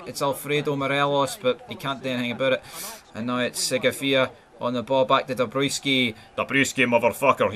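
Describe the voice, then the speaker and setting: A young Scottish man doing sweary, excitable mock football commentary over a video game, mumbling asides and yelling at chances. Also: mid-range voice. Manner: excitable, sweary, jumps from mumbling asides to yelled goal calls. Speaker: gaming YouTuber.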